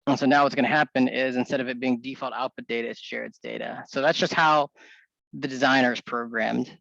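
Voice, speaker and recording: Gravelly-voiced man demoing software. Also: medium pitch, steady tone, fairly quick, no room sound, highs cut off. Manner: casual, thinks aloud with restarts. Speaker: software developer demonstrating. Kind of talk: screen-share walkthrough.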